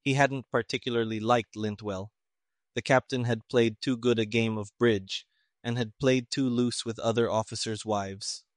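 A man narrates an audiobook in a mid-range voice at a moderate pace, telling the story in a steady, even manner. The recording is dry, with clean studio sound.

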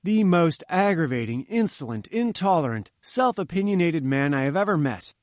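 A man's voice: on the high side, big pitch swings, normal speed, darkish tone, no room sound, studio quality, voice pushed up. A man voicing a polite, earnest male engineer in an audiobook reading.

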